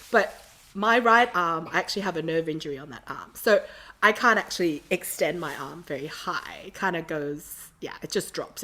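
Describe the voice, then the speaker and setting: A woman's voice: on the low side, pushed and bright. A woman from Sydney, a podcast guest telling stories animatedly and often laughing. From Australia. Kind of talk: casual storytelling interview.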